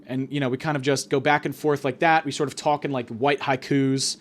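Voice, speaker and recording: A man hosting a podcast, rambling through a crude comedic monologue full of fillers and deadpan exaggeration. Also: medium pitch, fairly quick, a little hiss or hum. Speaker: podcast host.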